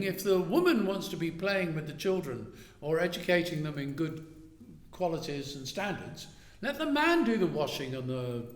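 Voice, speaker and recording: A man giving a lively talk on Jewish thought in a synagogue, acting out little dialogues and often asking "right?". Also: fairly high pitch. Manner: animated, acts out little dialogues, asks "right?". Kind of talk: lively lecture to a synagogue audience. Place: synagogue hall. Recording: echoey hall.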